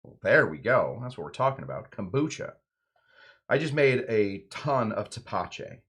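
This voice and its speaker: A man's voice: lowish voice, sing-song, moderate pace, fairly bright tone. A man hosting a home cocktail show, chatting casually and joking around while he mixes a drink. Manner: playful, jokey, rambling asides.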